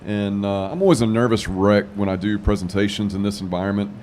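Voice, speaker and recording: Easygoing man with a lowish voice. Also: brisk, darkish tone, slight background noise. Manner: friendly, easygoing storyteller. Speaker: panel guest. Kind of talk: casual panel chat. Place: trade show lounge studio.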